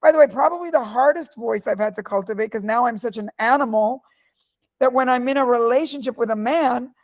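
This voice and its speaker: A middle-aged woman answering interview questions. Her voice sits a little high, and she talks with force and emphasis, telling stories from her own life. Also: a little fast. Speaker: guest speaker.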